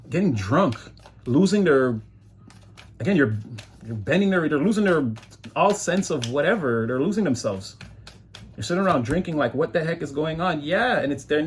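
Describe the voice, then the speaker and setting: A man's voice: on the high side, expressive, normal speed, a little hiss or hum. A man giving a casual, rambling tarot reading, talking loosely and slipping into mocking voices when he quotes people. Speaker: tarot reader.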